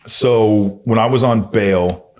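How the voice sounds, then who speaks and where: A man's voice: on the low side, slow, a little mellow. A man telling his own story as a podcast guest, bluntly and with constant swearing. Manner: blunt, heavy swearing, intense retelling. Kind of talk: candid storytelling.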